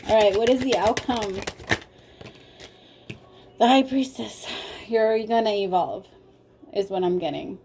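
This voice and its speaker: A woman's voice: medium pitch, measured pace, long pauses, background noise. A woman giving a casual spoken tarot reading, speaking straight to her viewers with a lot of feeling. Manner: emotional, talks straight to viewers. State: tearful. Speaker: tarot reader.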